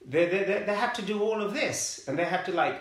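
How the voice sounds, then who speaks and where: A middle-aged man from London telling his life story in an interview, halting and repeating words as he searches for them. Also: sits high, animated. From London, England. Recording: roomy echoey room.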